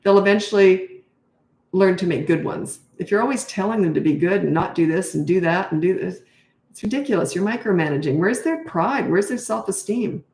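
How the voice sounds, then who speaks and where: A middle-aged woman coaching parents in a live question session, blunt and emphatic. She acts out her own lines to children and sounds worn out. Her voice sits at an ordinary pitch, with a roomy echo around it. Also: fairly quick, a little mellow. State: tired. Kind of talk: live Q&A advice talk. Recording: echoey room.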